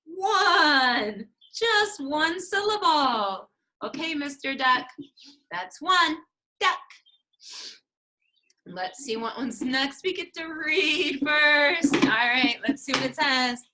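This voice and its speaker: A woman's voice: high-pitched, expressive, takes it slowly, pushed and bright. A woman speech therapist teaching preschoolers in a sing-song way, stretching words out and making playful animal sounds. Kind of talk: slow, sing-song teaching to young children.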